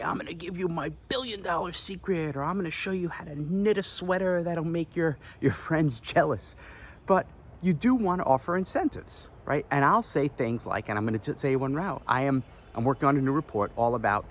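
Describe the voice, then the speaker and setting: Upbeat male coach, mid-pitch voice, talks straight to camera with a salesy, playful energy, faint background hiss. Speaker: online business coach. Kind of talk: direct-to-camera advice talk.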